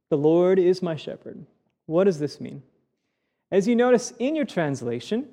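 With a slightly high voice of dark tone, a male pastor reads a psalm aloud in his sermon. He then moves on to explain it, earnest and instructive, and frequently starts his sentences over.

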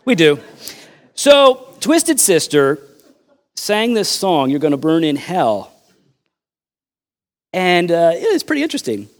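A male pastor preaching a sermon, animated and conversational, swinging between loud emphatic lines and quiet asides, joking with the congregation. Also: high-pitched, slow, pauses often.

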